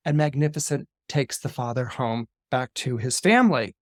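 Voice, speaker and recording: A man on a podcast retelling a fairy tale film in an animated storytelling way, with many fillers and restarts. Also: mid-range voice, moderate pace, no echo, clean studio sound. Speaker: astrologer podcast guest.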